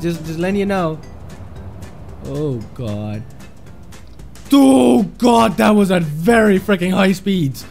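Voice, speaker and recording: A man commentating his own driving game, exasperated and self-mocking, yelling at the game when things go wrong. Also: sits high, expressive, unhurried, vocal fry, soft background music. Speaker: gameplay commentator. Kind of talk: gameplay commentary.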